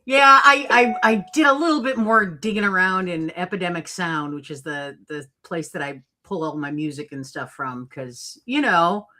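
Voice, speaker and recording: A woman's voice: fairly low pitch, normal speed, few pauses, pushed and bright. A woman from Minnesota co-hosting a casual live chat, playful and jokey. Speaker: co-host.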